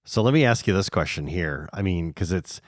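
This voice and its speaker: A male podcast host with a very deep voice asks long questions in a casual interview. He encourages his guest with short affirmations. The recording is dry and close. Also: animated, fairly quick, dry recording.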